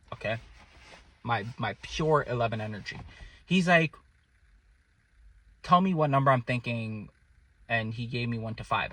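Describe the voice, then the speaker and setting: A young man telling a personal story to his viewers in a casual, animated way, often checking in with "okay?" and his loudness rising and falling. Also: medium pitch, dry recording.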